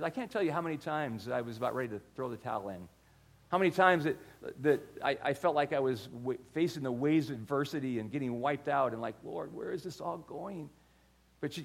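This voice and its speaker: An older man giving a sermon, telling stories in a conversational way with frequent restarts and repeated words. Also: fairly high pitch. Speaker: pastor.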